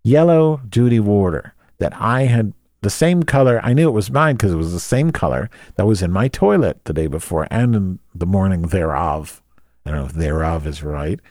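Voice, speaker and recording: A man's voice: low-pitched, lively intonation, moderate pace, darkish tone, no echo, studio quality. A man telling a rambling comic story, crude and sarcastic, often going off on tangents.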